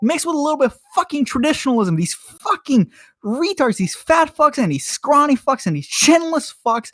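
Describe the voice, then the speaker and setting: A drunk man cohosting a podcast, ranting loudly with constant swearing and mocking laughs. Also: very high-pitched, very animated, moderate pace, dry recording, studio quality. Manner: loud, swearing, mocking, laughs between insults. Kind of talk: drunken profane rant.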